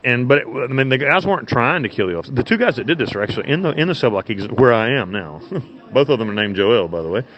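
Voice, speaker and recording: Fast and sing-song in a mid-range voice, an American prison inmate tells stories from his cell by cell phone as an interview guest. He rambles bluntly and profanely with frequent restarts, over a muffled low-fidelity line carrying faint noise.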